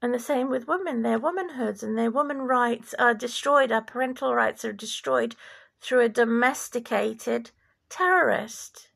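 A woman from former Yugoslavia giving an impassioned religious monologue, deliberate and preachy, sometimes dropping to a whisper. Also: on the high side, vocal fry, fairly bright tone. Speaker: vlogger.

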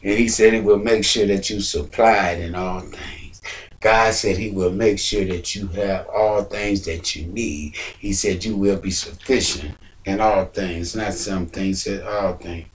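A man preaching a sermon on giving, repeating phrases and climbing to near-shouts. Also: deep voice, steady tone, unhurried, far from the mic, slight background noise.

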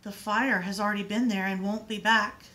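A woman voicing a brave older sister who speaks calmly and reassuringly. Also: mid-range voice, moderate pace, natural voice. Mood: urgent, soothing. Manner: calm and reassuring.

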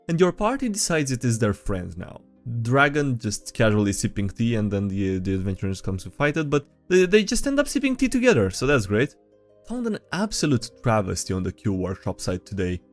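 Man, casual meme commentary, lively up-and-down voice, mid pitch, faint music behind. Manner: playful, laughs often, quick asides. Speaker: video host reading memes.

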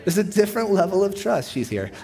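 A man who is a pastor, preaching a sermon in a church auditorium. He talks in a relaxed, conversational way, telling stories with a joking edge. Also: high voice, fast talker. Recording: long reverb of a church hall.

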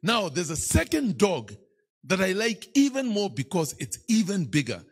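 Husky Kenyan bishop, lively sermon. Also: male voice, high-pitched, normal speed. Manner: playful storytelling, teasing the congregation. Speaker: bishop preaching. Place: church.

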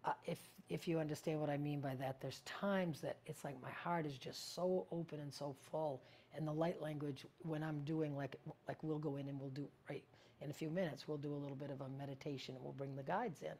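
Low-voiced woman teaching spiritual practice. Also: fairly even intonation, a little fast. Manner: meandering, searching for words, sometimes dropping to a hush.

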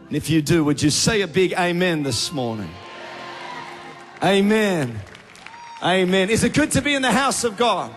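High-voiced Australian preacher in a big hall. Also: male voice, moderate pace, long pauses, faint music behind, some chatter behind. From Australia (Tasmania). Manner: energetic, rising to fervent prayer. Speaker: youth pastor, guest preacher. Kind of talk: sermon with prayer. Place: large church auditorium. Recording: big church hall reverb.

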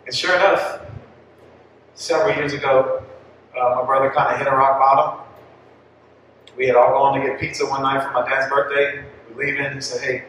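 A man's voice: medium pitch, fairly bright tone, a little hiss or hum. A young-adult man tells a heartfelt personal story to a parish audience, talking casually with many likes and restarts. His voice rings through a very echoey hall, picked up from a distance. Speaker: parish speaker at a family catechesis talk. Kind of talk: personal testimony talk. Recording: echoey hall, mic far off.

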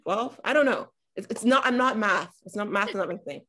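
A woman in her forties, an author talking on a panel over a video call, animated and acting out the voices in her stories. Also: medium pitch, a little fast. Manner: animated storyteller acting out dialogue. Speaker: author and former politician. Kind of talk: conversational talk on a panel.

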